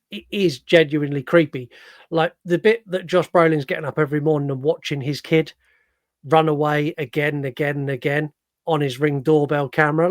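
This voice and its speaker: An animated man with a fairly high voice, chatting through a film review and acting out scenes with a laugh. The sound is dry and close, with no room around it. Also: no echo. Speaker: podcast co-host. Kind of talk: casual film review chat.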